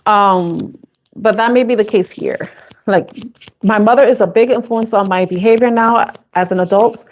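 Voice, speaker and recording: A young adult woman with a medium-pitched voice gives a live intuitive tarot reading at a moderate pace, chatty and casual, laughing often and swearing freely.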